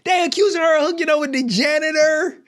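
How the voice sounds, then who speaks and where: A woman hosting a reaction video, animated, slangy and often laughing. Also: high voice, fast. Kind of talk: casual reaction commentary.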